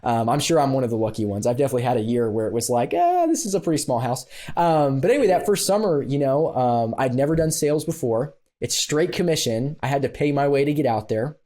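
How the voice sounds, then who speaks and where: A man, a guest on a podcast, telling a story in an animated, self-deprecating way with lots of "um" and "you know.". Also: mid-range voice, fast talker, hardly any pauses. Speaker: podcast guest, business consultant. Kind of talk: conversational storytelling.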